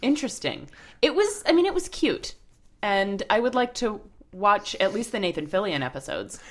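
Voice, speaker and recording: A woman's voice: medium pitch, big pitch swings, moderate pace. A woman in her thirties co-hosting a podcast, chatting playfully and laughing often. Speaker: podcast co-host. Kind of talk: casual chat.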